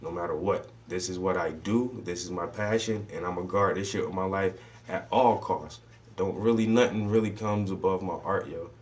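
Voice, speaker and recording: Man, casual chat host, lowish voice, profane and loose, a bit off-mic. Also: moderate pace, far from the mic. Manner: loose, swearing storyteller voicing people in his stories.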